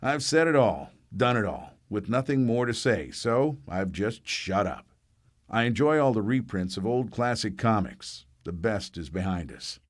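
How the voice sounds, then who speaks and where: A man's voice: on the low side, lively intonation, unhurried. An older man reminiscing in a wry, plainspoken way in an archival interview. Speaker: cartoonist recalling his career.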